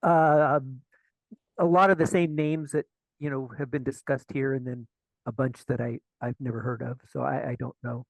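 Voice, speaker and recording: A man's voice: medium pitch, level tone, moderate pace, gravelly, rough recording. A man on a group call who adds a remark in a hesitant, unsure way. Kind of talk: casual group chat.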